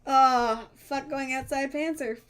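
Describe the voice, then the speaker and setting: A high-pitched woman streams a dating game and reads the lines aloud, giggling often and dropping in goofy character voices. Her delivery is playful and casual. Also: steady tone, takes it slowly, fairly bright tone.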